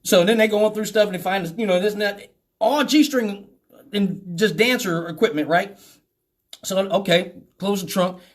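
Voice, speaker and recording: High, animated male storyteller. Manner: animated, profane, laughing often. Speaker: radio show host. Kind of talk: comic storytelling.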